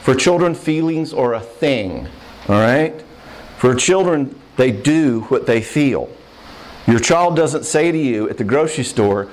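An older man giving a lively sermon on marriage to a live crowd, conversational and playful, often checking in with the listeners. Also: mid-range voice, measured pace, rough recording. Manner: acts out quoted voices and jokes. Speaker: pastor teaching on marriage.

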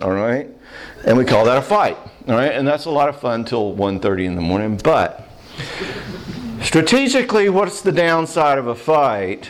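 A man leads a marriage seminar in a lively, joking way. His voice sits at an ordinary middle pitch, and he keeps tagging his points with quick check-ins to the room. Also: slight background noise. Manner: animated, checks in with "all right?". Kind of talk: humorous seminar talk.

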